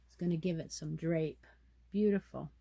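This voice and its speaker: A woman's voice: low voice, normal speed, creaky, mellow, no room sound. A woman hosting a casual yarn chat, reading pattern details aloud and musing to herself as she goes. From United States. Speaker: crochet channel host.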